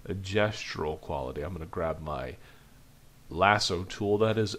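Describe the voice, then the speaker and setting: Deep-voiced male animation teacher, loose and chatty, narrating as he draws. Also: lively intonation, normal speed, a bit bright. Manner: loose, chatty, thinking aloud while drawing. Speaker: animation instructor. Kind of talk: live drawing demonstration lesson.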